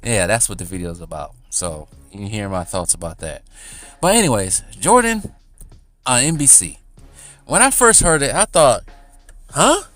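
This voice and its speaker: A man's voice: fairly low pitch, big pitch swings, normal speed, fairly bright tone. A man rambling casually in a commentary vlog, chatty and often laughing. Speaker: YouTuber.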